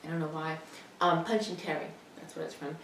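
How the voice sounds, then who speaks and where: A woman's voice: low voice, fairly quick, gravelly. Rambling wry older woman, roomy room. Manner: rambling, wry and self-deprecating. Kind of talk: casual personal video message. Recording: roomy, distant mic, faint noise.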